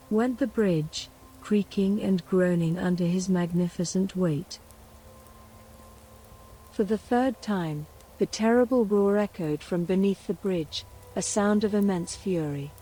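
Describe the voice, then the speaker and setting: A woman telling a folktale in a soft, hushed, soothing whisper as a bedtime storyteller. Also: medium pitch, unhurried, slight background noise, low-quality recording.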